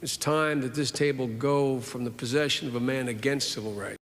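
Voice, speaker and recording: A man putting on the voice of an elderly Southern senator who speaks slowly in a fatherly way and repeats his words, heard in a reverberant hall. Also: mid-range voice, steady tone, lightly acted. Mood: solemn. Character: elderly male Southern senator, courtly and unhurried.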